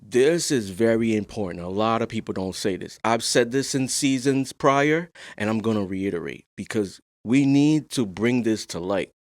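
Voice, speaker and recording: A young adult man hosting a podcast, talking in a casual discussion, soft-spoken and calm but rising to animated emphasis. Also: lowish voice, normal speed, few pauses, no room sound. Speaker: podcast host.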